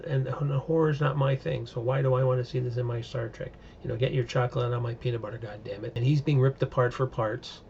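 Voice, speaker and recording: A man's voice: mid-range voice, creaky, darkish tone, lo-fi sound, slight background noise. A man in a casual solo video review, talking in a chatty, rambling way with lots of fillers and asides, recorded on a webcam microphone at home.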